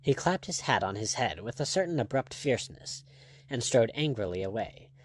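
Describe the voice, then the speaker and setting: Measured and expressive, a male audiobook narrator reads a scripted adventure novel aloud, his voice sitting in the middle range.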